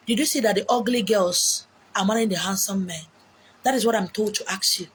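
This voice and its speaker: A woman with a Nigerian accent delivering an animated, preaching monologue, acting out quotes with big swings in pitch and loudness. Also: brisk. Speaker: self-styled spiritual messenger. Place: beach, outdoors. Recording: faint background noise, outdoors.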